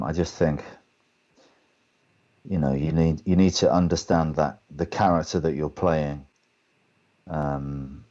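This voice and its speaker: English man, deep voice, animated storyteller, dull lo-fi call audio. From England. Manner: animated anecdotes, acts out other people's lines. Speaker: guest actor. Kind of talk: storytelling in a webcast Q&A.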